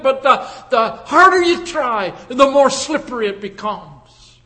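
A man preaching a sermon as pastor, slow and deliberate, with many rhetorical questions put to the congregation. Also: very high-pitched, bright, forceful tone. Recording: long reverb in a large hall.

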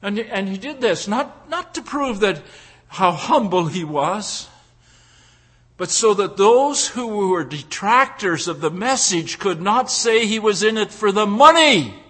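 Male preacher, high bright voice, emphatic sermon delivery that drops to a hush, stumbles and repeats words. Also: expressive, measured pace, husky. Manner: emphatic, swings from loud declaring to hushed pleading; repeats and restarts words mid-phrase.

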